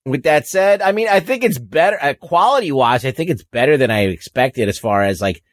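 A man's voice: fairly high pitch, brisk, dry recording, studio quality. A man with an accent, a regular on a casual podcast, rambling and cursing freely. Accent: non-native accent. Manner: rambling, profane, expressive. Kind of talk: casual chat.

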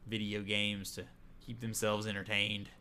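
A man's voice: lowish voice, monotone, moderate pace, bright, forceful tone, a little hiss or hum. A man co-hosting a casual chat, recapping a video game with sarcastic jokes and frequent laughs. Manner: joking, sarcastic, laughs often. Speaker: podcast co-host.

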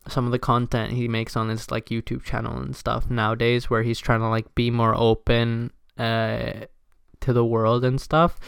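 Young man ranting casually, clear voice. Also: mid-range voice, bright, forceful tone, no echo, studio quality. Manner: casual, swears freely, lots of "like" fillers. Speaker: podcast host. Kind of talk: casual solo commentary.

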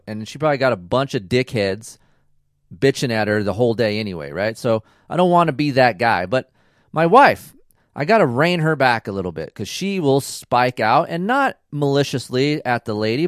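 A middle-aged man hosting a podcast, telling a rambling racing story in a casual, animated way and acting out the dialogue. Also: mid-range voice, moderate pace, no echo, clean studio sound. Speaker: podcast host and racing dad.

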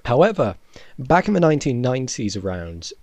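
A man's voice: medium pitch, sing-song, fairly quick, darkish tone, no room sound. A young man, co-hosting a podcast and telling a school story in casual chat, often laughing and correcting himself mid-sentence. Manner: rambling, laughing, self-correcting. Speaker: podcast co-host.

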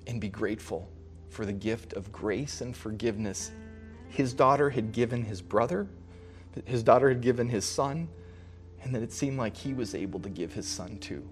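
A male pastor with a medium-pitched voice tells a personal story during his sermon. His delivery is halting and heartfelt, and he often stops and starts over.

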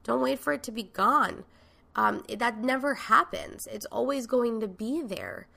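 A woman hosting a podcast gives a motivational talk in a frank, emphatic way, with casual swearing. Her voice is bright and forward, with a gravelly, creaky texture. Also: fairly high pitch, big pitch swings, measured pace. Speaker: podcast host and coach.

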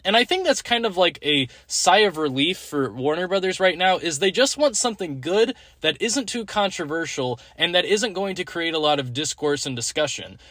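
A man hosts his own review podcast, talking candidly and rambling, with plenty of filler "like"s. His voice sits a little high, and the sound is dry and close. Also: fairly bright tone, no echo. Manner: candid, blunt, rambling with frequent "like". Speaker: podcast host. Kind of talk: casual solo review podcast.

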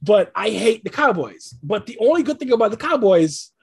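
Husky and breathy, this New York podcast host talks casually with lots of energy, rambling through fillers and fast restarts. Excitement sends his otherwise mid-range pitch leaping upward.

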